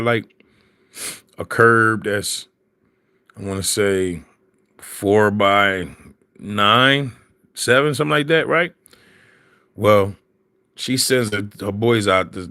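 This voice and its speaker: A man's voice: on the low side, pushed and bright, dry recording, clean studio sound. A man in casual chat, telling stories in slang and laughing often. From Philadelphia.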